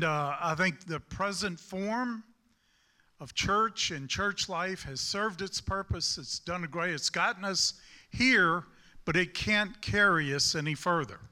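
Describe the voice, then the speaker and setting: Southern man preaching, high and very bright voice, folksy and rambling. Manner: folksy, rambling, with self-deprecating humor. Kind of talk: sermon.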